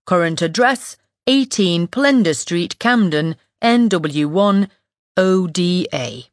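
A woman's voice: on the low side, expressive, slow, dry recording, studio quality. A woman voicing a chirpy male police tech worker with a thick Northern English accent, upbeat and a bit showy. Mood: helpful.

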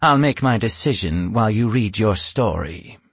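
A man's voice: lowish voice, expressive, normal speed, breathy edge, dry recording. A man reading a storybook aloud and voicing a cruel, spiteful female witch who snaps and screams with menace. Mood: contemptuous. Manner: snapping, menacing, bursts into screams.

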